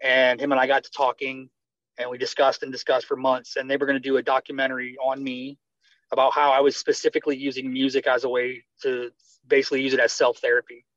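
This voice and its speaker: Animated American man telling his story. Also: medium pitch, quick pace, no room sound. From United States. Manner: animated, acts out quoted dialogue. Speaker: guest, retired army medic. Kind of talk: conversational storytelling interview. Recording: slightly dull dry sound.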